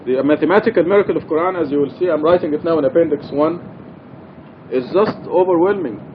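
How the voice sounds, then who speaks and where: A man's voice: a little high, fast talker, dull audio, a little hiss or hum. A man teaching a religious study class in a mosque, speaking earnestly and repeating his key points for emphasis.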